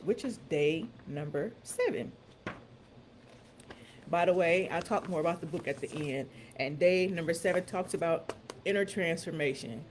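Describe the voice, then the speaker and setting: Woman host, motivational affirmation talk, emphatic slow repetitions, faint background hum. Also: lowish voice, a little mellow. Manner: emphatic, repeats phrases slowly for emphasis.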